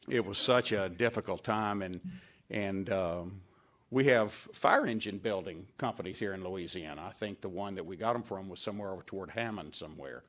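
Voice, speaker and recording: An older man giving a tribute speech at a dedication event, telling folksy anecdotes and acting out the lines he quotes. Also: lowish voice. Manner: folksy storyteller, acts out quoted lines with a raised voice. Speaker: former staff member giving a tribute speech. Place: event hall at a podium.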